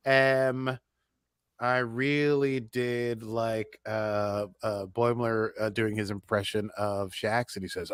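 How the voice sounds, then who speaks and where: A man talks through an episode recap in loose, rambling fashion, full of fillers and easy chuckles. His voice sits at an ordinary middle pitch. The sound is dry and close, with no room around it. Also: steady tone, takes it slowly, clear, resonant tone, no echo. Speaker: podcast co-host. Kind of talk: casual recap chat.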